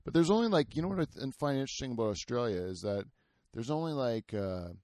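A man's voice: medium pitch, animated, fast talker, a little mellow, no room sound, clean studio sound. A man hosting a podcast in casual, rambling chat, full of fillers, restarts and swearing. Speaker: podcast host.

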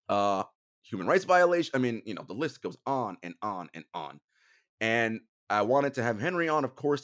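A man hosting a sports podcast, speaking earnestly and often dropping into a somber hush. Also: mid-range voice. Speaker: podcast host. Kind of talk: casual podcast talk.

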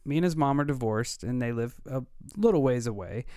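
A man's voice: medium pitch, animated, fairly quick, mellow, smooth, no echo. A man in his thirties, co-hosting a podcast and earnestly retelling a personal story, acting out the dialogue as he goes. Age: 30s. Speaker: podcast co-host. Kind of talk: casual storytelling.

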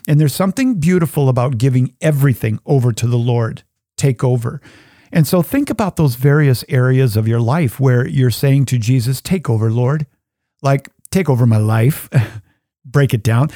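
An earnest middle-aged man teaches listeners how to spend time in prayer, his voice mellow and warm. When he voices the prayers themselves he drops into a soft, hushed tone. The recording is dry and close, with no room sound. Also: mid-range voice, expressive, a little slow, no echo. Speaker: Catholic podcast host. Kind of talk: devotional teaching talk.

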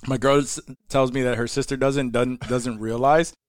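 A man's voice: mid-range voice, steady tone, normal speed, no room sound, studio quality. A man co-hosting a podcast, chatting casually, swearing freely and laughing often. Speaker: podcast co-host.

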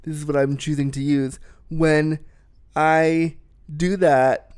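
Canadian man, bright-pitched and clear. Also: flat delivery, slow pace. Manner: enthusiastic, repeats words when starting. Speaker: podcast host. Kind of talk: conversational interview.

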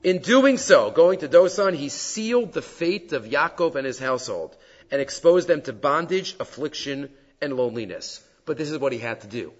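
Animated man teaching a Torah class. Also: fairly high pitch, moderate pace. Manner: animated, questioning, sprinkled with Hebrew terms. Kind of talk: weekly Torah portion class. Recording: dull audio with long hall reverb.

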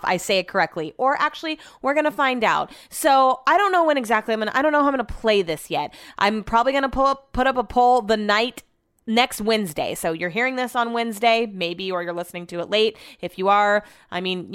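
Woman podcast host, smooth clear voice, dry close sound, rambling and exasperated. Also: fairly high pitch, a bit bright, no echo. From America. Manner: chatty, exasperated, swears freely. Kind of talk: casual solo podcast chat. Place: small room at home.

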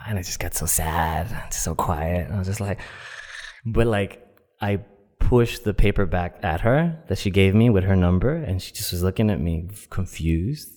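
A man's voice: deep voice, expressive, moderate pace, darkish tone. A man telling a personal story in a casual, rambling way, with lots of fillers. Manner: rambling, many fillers, acts out quoted voices. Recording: long echoey reverb.

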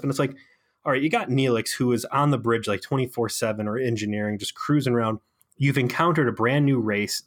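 A man of ordinary pitch talks through a TV episode in a loose, joking podcast recap. He tells it with sarcastic energy, picking things apart as he goes and stumbling over fillers along the way. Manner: sarcastic, animated storytelling with frequent fillers. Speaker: podcast co-host. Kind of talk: casual comedic show recap.

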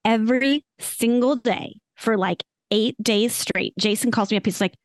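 A woman co-hosts a chatty podcast, telling a family story in a lively, animated way. Her voice sits a little high, and the recording is dry and close, with no room sound. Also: normal speed, no echo. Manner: animated storyteller, mimics others in a higher voice. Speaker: podcast co-host; mother of a junior high girl. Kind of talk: casual chat.

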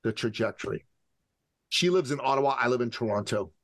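A man in his forties from the Middle East, a podcast guest and business coach telling an animated, dramatic story. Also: mid-range voice, a little fast, no echo. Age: 40s. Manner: dramatic, acts out scenes with voices.

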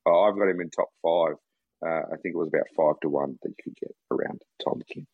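A man's voice: deep voice, fast talker, slightly rough, no echo, phone-quality sound. A man with an Australian accent, chatting laid-back on a golf betting podcast and rambling through restarts. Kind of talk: casual podcast chat.

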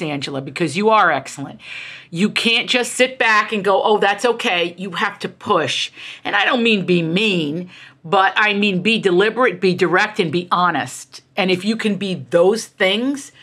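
A middle-aged woman author talks as an interview guest, her lowish voice bright and forceful. She tells stories candidly and emphatically, with animated asides and a driving push behind her words. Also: normal speed. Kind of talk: candid conversational storytelling.

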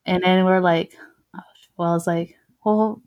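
A woman's voice: fairly low pitch, steady tone, measured pace, highs cut off. Young woman telling a story. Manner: mixes English and Spanish, swears freely, laughs often. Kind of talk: casual chat.

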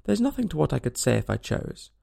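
A fussy old duchess who turns everything into a moral, as a man puts her on. She speaks in a sing-song, lifted voice with a gravelly rasp and wide, bouncing pitch. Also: big pitch swings, moderate pace, dark tone, heavily acted. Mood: preachy. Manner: preachy, agreeable, sing-song.

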